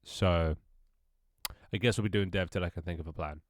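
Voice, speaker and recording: Working on his game live on stream, a man with a congested nose speaks at normal speed in a low voice with fairly even intonation. He jokes and rambles casually, teasing himself and swearing as he goes. The recording is dry and cleanly studio-produced.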